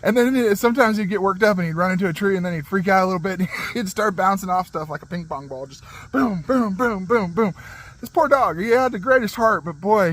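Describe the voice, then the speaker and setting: A man telling a funny story from his childhood in a rambling, animated way. He laughs as he talks and uses many fillers and restarts. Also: high voice, low-quality recording. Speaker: channel host. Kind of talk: casual storytelling monologue.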